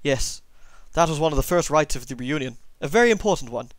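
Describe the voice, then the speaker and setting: A man's voice: on the high side, animated, fairly quick, dry recording, natural voice. A man voicing an older village woman who tells local folklore, reading game dialogue aloud in a put-on accent. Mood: solemn. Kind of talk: let's play character voicing.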